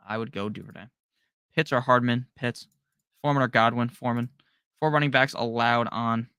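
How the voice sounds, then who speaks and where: Gravelly, bright-voiced male stream host. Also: mid-range voice, steady tone, dry recording, studio quality. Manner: rapid-fire, offhand answers with slang and the odd curse. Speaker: fantasy football live-stream host. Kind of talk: casual live Q&A, reading out and answering viewer questions.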